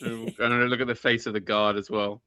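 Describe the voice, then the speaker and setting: A man hosting a casual chat, enthusiastic, halting and restarting, and often laughing. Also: on the low side, flat delivery, bright, forceful tone, smooth, no echo.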